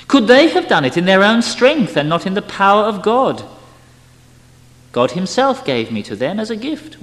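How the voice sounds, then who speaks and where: Male reader doing a coaxing, half-mocking spirit woman in a storybook reading, lively pitch, reverberant hall. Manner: coaxing, urging.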